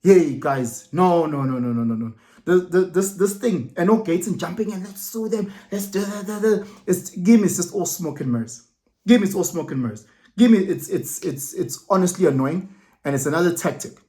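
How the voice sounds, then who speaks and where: A man with a South African accent, talking casually to camera as a vlogger, animated, repeating words and restarting, with Zulu phrases mixed in. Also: high-pitched, moderate pace. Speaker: vlogger commenting. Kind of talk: casual opinion monologue.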